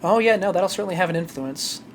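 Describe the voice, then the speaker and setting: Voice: mid-range voice, expressive, quick pace, slight background noise. A streamer chatting casually during a live game playthrough, rambling and correcting themselves mid-thought. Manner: rambling, self-correcting asides.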